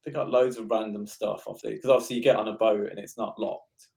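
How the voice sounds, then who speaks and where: A man's voice: on the low side, fairly even intonation, fairly quick, gravelly, dark tone. A man, co-hosting a podcast and telling a story in casual chat, hesitant with many restarts. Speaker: podcast co-host.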